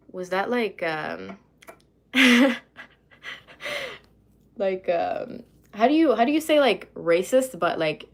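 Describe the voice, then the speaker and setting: A woman's voice: fairly low pitch, vocal fry, slight background noise. A young woman from Lebanon chatting on a livestream, rambling and losing her train of thought as she reads comments aloud. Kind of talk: casual livestream chat, reading comments.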